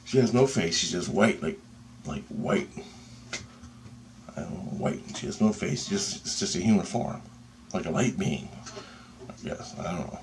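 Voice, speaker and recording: A man telling a personal story in a casual, excitable and profane way, with pauses and restarts. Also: sits low, slight background noise.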